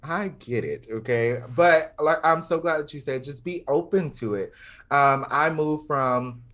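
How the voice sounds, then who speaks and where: A man's voice: on the high side, measured pace, fairly bright tone. A man from Georgia in the American South, hosting a casual podcast chat, playful and teasing. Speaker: podcast host.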